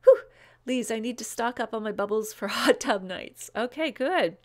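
A woman hosting a live online wine show, chatting casually, reading out viewer comments and gushing over wines with lots of "um"s and quick asides. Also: fairly high pitch, expressive. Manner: gushing over wines, rattling off names and tasting notes.

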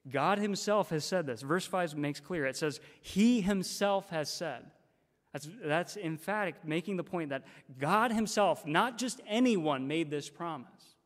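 A man's voice: fairly high pitch, animated, a little slow, hardly any pauses, a bit bright. A man preaching a sermon as a guest speaker, emphatic and repeating phrases for stress. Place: church sanctuary. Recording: long church reverb.

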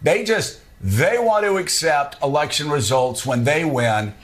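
A man's voice: on the high side, animated, unhurried. A man speaking earnestly and emphatically as a cable news panelist. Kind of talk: broadcast political commentary.

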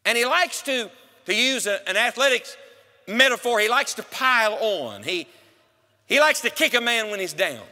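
A man's voice: very high voice, very animated, moderate pace, sharp tone. A man preaching a sermon in church, putting questions straight to the congregation with strong emphasis. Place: church sanctuary. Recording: church hall reverb.

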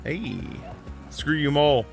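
A man's voice: on the high side, animated, takes it slowly, gravelly, soft background music. A man chatting casually while streaming a game live, offhand and swearing at the game now and then.

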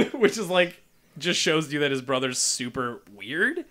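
A man's voice: a little high, a little slow. A man co-hosting a podcast, casually retelling a manga chapter and acting out the characters' lines, swearing freely. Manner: animated retelling with quoted voices, swears casually. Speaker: podcast co-host.

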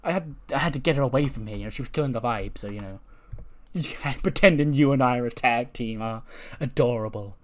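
A man's voice: medium pitch, brisk, lightly acted. A man voicing an arrogant, bossy woman wrestler champion in a smug, dismissive way. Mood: sneering.

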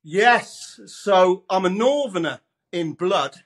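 A man's voice: high voice, expressive, slow pace, fairly bright tone. A man from Leeds, a radio presenter chatting as a guest in a casual interview, laughing easily and calling the host mate. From Leeds, England. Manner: chatty, laughs often, calls everyone mate.

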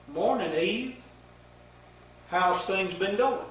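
An older man voicing a sly, smooth-talking male serpent-devil who drawls casually and then turns hushed and earnest, in an echoey room with the mic set far off. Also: high voice, lively intonation, takes it slowly, a little hiss or hum, heavily acted. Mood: friendly.

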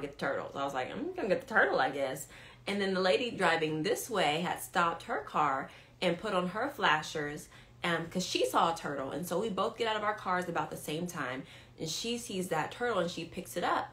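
Chatty woman hosting a livestream. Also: lowish voice. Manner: chatty, greets viewers by name, excitable bursts. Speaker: livestream host and ministry leader. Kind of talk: casual livestream chat and storytelling.

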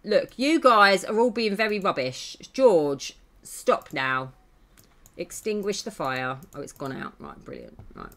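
A woman's voice: on the low side, unhurried. Woman streaming a game, chatty and giggly, voice bounces up and down a lot. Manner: chatty, excitable, laughs often, scolds game characters. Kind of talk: casual gameplay commentary. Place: home.

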